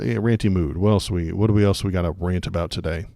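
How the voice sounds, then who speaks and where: Brief: male political streamer, low voice, dry close mic, ranty and sarcastic, laughs along with chat. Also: fairly even intonation, quick pace, dark tone, dry recording. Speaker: political livestream host. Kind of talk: ranting livestream commentary.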